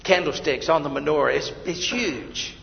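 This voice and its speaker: Gravelly high-voiced preacher in echoing hall. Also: male voice, moderate pace. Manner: swings from loud, emphatic scripture reading to quiet, intimate asides; addresses listeners as beloved. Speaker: pastor. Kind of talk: sermon. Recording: long hall reverb, dull lo-fi sound.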